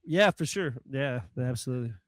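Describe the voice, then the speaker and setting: A man's voice: mid-range voice, lively intonation, fairly quick, a bit bright, no echo. Easygoing male podcast co-host, short agreeing interjections, dry close sound. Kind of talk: casual chat.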